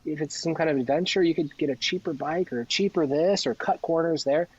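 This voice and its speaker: Earnest, rambling man with a slightly high voice. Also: a little fast, breathy edge, highs cut off. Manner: rambling and earnest, often acting out what people said. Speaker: interview guest. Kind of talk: casual conversational storytelling.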